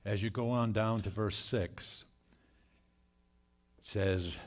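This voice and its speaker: A man preaching a sermon in a church, reading scripture and commenting with slow, earnest emphasis. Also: lowish voice. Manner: slow, earnest delivery with scripture read aloud and dramatic quoted cries. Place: church sanctuary.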